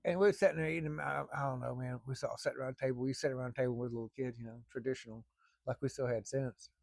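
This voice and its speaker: Middle-aged guy rambling thru a family story, gravelly voice, cusses some. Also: mid-range voice, steady tone, racing, darkish tone, dry recording, studio quality. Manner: rambling, folksy, salty language. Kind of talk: casual spoken storytelling.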